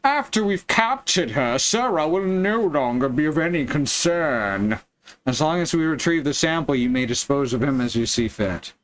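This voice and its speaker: A man's voice: on the high side, expressive, normal speed, fairly bright tone. A man putting on an old-timey voice to read out a pompous male villain's orders from a game. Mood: commanding. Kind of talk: reading game dialogue aloud in a put-on voice.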